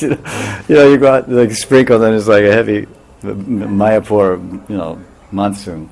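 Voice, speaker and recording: A man's voice: fairly low pitch, takes it slowly, creaky, a little mellow. A man in his sixties giving a devotional class, telling stories with frequent chuckles. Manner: storytelling, chuckles often, mimics a question. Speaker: spiritual teacher.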